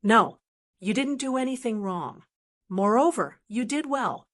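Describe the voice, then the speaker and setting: A woman doing a calm, mocking young master. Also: fairly high pitch, a little slow.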